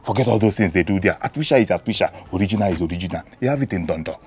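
A man's voice: low-pitched, animated, rapid-fire, a little mellow. An actor playing a young Nigerian man who coaxes and pleads with his fiancée as he plans to leave for the city. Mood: protesting. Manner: coaxing, pleading. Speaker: shop owner. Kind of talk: Nollywood film acting.

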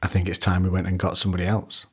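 A man's voice: low voice, completely flat delivery, racing, slight background noise. A young man, a fitness vlogger, answering viewer questions at home in an upbeat, chatty way. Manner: upbeat and chatty, laughs easily. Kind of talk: casual Q&A chat. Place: home, indoors.

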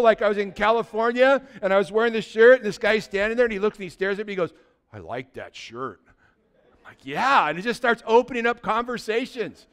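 High, smooth-voiced pastor preaching a sermon. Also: male voice, a bit bright. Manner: exhorting, conversational, calls out to congregation.

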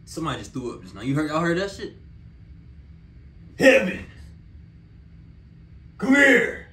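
A young man doing reaction commentary, with excitable, incredulous and profane outbursts. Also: a little high, rapid-fire, echoey room, recorded from a distance, slight background noise. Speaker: reaction streamer.

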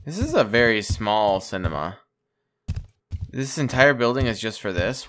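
A man's voice: mid-range voice, very animated, a bit bright, a little hiss or hum. Wry man giving gameplay commentary. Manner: wry, jokey, drawn-out. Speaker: gamer playing on a channel. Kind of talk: let's play commentary.

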